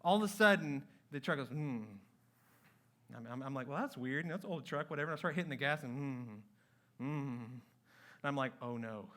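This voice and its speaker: Bright-voiced man telling a sermon story. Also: fairly high pitch, fast talker. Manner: animated storytelling with acted-out quotes. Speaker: pastor. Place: church sanctuary.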